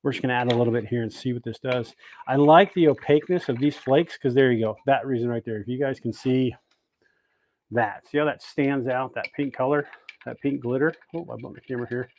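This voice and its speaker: A man talks casually into a camera mic at a workbench, walking through each step as he goes. His pitch sits in an ordinary middle range. Faint clicks and typing can be heard behind him. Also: fairly even intonation, brisk, darkish tone, slight background noise. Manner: chatty, greets viewers by name between steps. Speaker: host of a bait-making livestream. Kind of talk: casual livestream demo talk. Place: indoor workshop.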